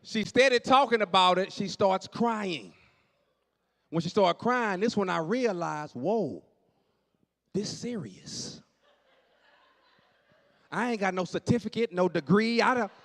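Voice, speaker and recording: A man doing stand-up comedy in a church, telling stories with animated delivery, acting out dialogue and shouting punchlines to a live audience. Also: sits high, takes it slowly, gravelly, long pauses.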